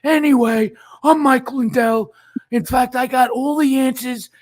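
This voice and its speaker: A man putting on an impression of a boastful middle-aged pillow salesman, crude and shouting like an infomercial. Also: extremely high pitch, steady tone, measured pace, pitched above the performer's own voice.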